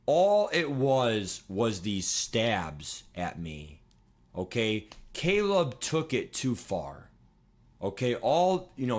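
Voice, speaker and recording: A man in his twenties chatting casually on a livestream, rambling and excitable, swearing and laughing as he talks. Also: on the low side, slow. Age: 20s. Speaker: streamer.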